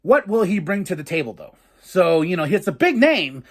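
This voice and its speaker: A man with a fairly high voice hosts a casual wrestling review podcast. He talks in an excitable, profane way, acting out his own reactions to the matches. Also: moderate pace. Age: adult with a daughter. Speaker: podcast host.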